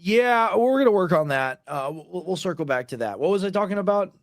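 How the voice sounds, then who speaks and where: A man's voice: high voice, lively intonation, brisk, no room sound. Rambling man with a dry sound. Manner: rambling, heavy use of "like" fillers. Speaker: co-host. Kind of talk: casual livestream chat.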